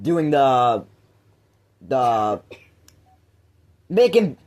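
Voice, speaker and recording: A man's voice: mid-range voice, very animated, very slow, darkish tone. Rambling, laughing podcast host man. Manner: rambling, laughs often, restarts sentences. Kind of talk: casual chat.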